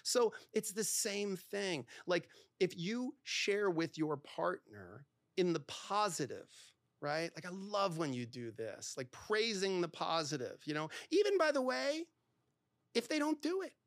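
Animated man, lively swooping voice. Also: high-pitched, measured pace, no echo, clean studio sound. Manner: animated storyteller who acts out quoted dialogue, heavy use of "like". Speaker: divorce lawyer, podcast guest. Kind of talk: candid podcast conversation.

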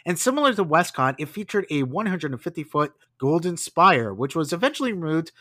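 A man telling a story on a podcast with a lively, bouncy delivery and a slightly high voice. He narrates in a casual way and drops wry asides between facts. The sound is dry and close. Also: brisk, no echo. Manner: animated storytelling with asides and laughs. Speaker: podcast host.

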